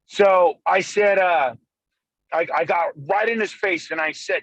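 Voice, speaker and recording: High-voiced man telling a rowdy story. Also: dry recording, poor audio. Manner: profane, fast, animated storytelling. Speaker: guest arm wrestler. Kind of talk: casual storytelling on a call. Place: in a moving car. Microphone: phone call.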